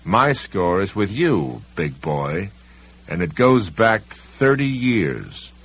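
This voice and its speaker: Man voicing a defiant storybook hero, blunt, husky, lively pitch. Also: slow, exaggerated voice. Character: defiant grown man standing up to a monster. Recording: dull lo-fi recording.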